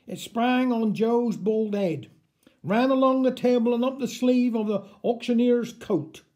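Male storyteller, dialect story reading, wry and unhurried, mellow tone. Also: very high voice.

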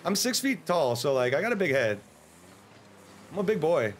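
An American man streaming a game, chatting casually in a joking, rambling way and breaking into sudden excited yelps. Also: on the high side, normal speed, a little hiss or hum. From United States. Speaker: livestreamer. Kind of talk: casual gameplay livestream commentary.

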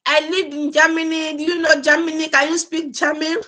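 A woman's voice: sits high, flat delivery, a little fast, bright, forceful tone. A woman hosting a casual live stream, chatty and laughing often as she greets viewers by name. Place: home in Germany.

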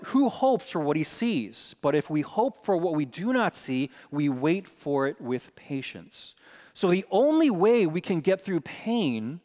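Middle-aged male preacher, slightly high voice, lively storyteller, chapel reverb. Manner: animated storytelling, acting out voices in quotes. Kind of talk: sermon with personal story. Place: large chapel.

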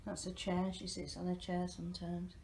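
A woman's voice: on the low side, monotone, moderate pace, gravelly, a little mellow, slight background noise. A woman talking casually to her pet rabbit in a garden, coaxing it with sing-song baby talk, recorded on a handheld phone. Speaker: pet owner.

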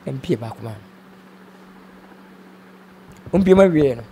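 A man's voice: mid-range voice, animated, unhurried, warm tone, husky. A man with a Ghanaian accent, speaking as an interview guest, subdued and mixing in English words. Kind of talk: emotional interview talk.

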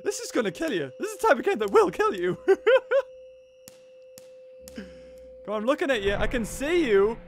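A man commentating a horror video game, jumpy and loud, yelping, laughing and talking to the characters. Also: extremely high pitch, sing-song, moderate pace, long pauses, noisy background. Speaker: gaming video host.

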